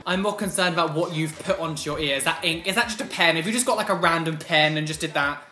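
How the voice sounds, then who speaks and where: A woman's voice: deep voice, fast talker, sharp tone. A woman hosting a reaction video, chatting casually with shocked exclamations and outraged asides. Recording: echoey room.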